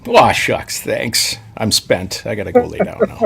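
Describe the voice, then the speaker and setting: A man's voice: fairly low pitch, wildly swooping pitch, unhurried, vocal fry, a bit bright. A man co-hosting a casual podcast, reading sponsor spots and joking easily with his co-host. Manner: easygoing, joking, laughs often.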